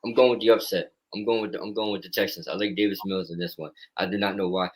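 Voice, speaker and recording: A man co-hosting a casual football picks show, blunt and excitable with trash talk. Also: low-pitched, fast, few pauses, low-quality recording. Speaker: co-host. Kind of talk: casual sports picks chat.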